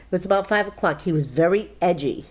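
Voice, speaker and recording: A woman's voice: on the low side, fast. A middle-aged woman, a bereaved mother, recounting a family story in an interview and acting out the voices in it. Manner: animated storytelling, acts out voices in quotes. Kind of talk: emotional interview recollection.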